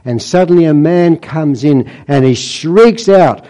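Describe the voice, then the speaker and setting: Male preacher, slightly high, mellow voice, storytelling sermon delivery. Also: measured pace, hardly any pauses, poor audio. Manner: storytelling, quoting scripture with dramatic emphasis.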